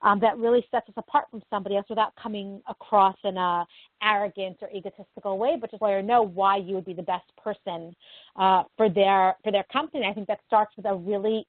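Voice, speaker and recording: A woman from New Jersey with no regional accent, a career services professional answering interview questions in a calm, practical way. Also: medium pitch, fairly quick, dry recording. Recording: tinny phone line, dry.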